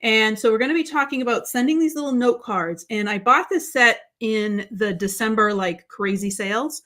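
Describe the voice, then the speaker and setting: A woman's voice: fairly high pitch, a bit bright. Chatty woman hosting a craft livestream. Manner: chatty, greets viewers by name, many fillers and restarts. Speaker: livestream host. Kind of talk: casual live-stream chat.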